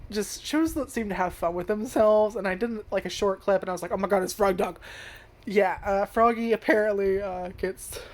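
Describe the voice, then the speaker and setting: A woman's voice: lowish voice, darkish tone. A woman reviewing an anime casually, rambling, swearing a lot and laughing often. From United States.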